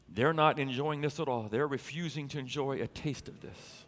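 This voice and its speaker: A man preaching a sermon as a pastor, telling a story in an animated way and building to emphatic peaks. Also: mid-range voice, moderate pace, in a large hall.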